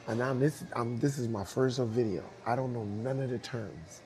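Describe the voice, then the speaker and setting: A man's voice: medium pitch, fairly quick, few pauses. A man telling a story from his dance career in a casual interview, acting out the voices of people in it and laughing often. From New York. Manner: animated, acts out dialogue, laughs often.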